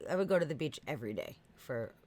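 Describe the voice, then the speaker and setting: A woman with an East Coast accent co-hosting a podcast livestream, chatty and excitable, swearing casually. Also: a bass voice, fast talker. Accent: American East Coast. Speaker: podcast co-host.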